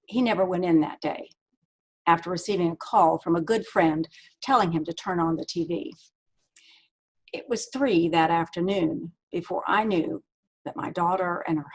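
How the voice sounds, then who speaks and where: Author, woman, reads her own novel aloud; husky, lowish voice, steady delivery. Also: rough recording. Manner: steady, measured reading aloud.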